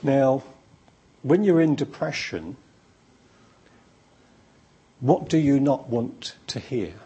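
Slow, husky preacher. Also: male voice, medium pitch, expressive, dark tone. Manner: emphatic, repetitive, storytelling. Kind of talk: sermon.

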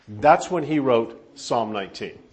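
This sermon comes from a male pastor from Southern California, whose mid-range voice keeps a measured pace. He entertains the congregation with animated stories and self-deprecating humor.

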